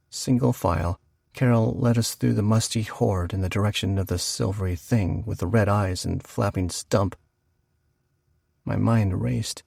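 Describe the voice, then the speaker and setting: Man narrating a horror audiobook, gravelly and husky, dry close sound. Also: lowish voice, darkish tone, dry recording.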